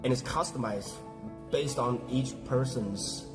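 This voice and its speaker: Young man, halting speech. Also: medium pitch. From India. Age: 20s. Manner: halting, searching for words. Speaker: sign business worker interviewed. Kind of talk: casual interview. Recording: clear background music.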